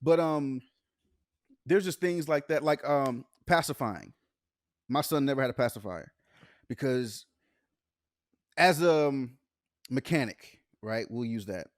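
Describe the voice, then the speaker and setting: A man's voice: mid-range voice, a little slow, long pauses, no echo, clean studio sound. A man in his thirties co-hosting a casual comedy podcast, telling stories and laughing often. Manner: storytelling, laughs often, acts out quotes. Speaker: podcast co-host.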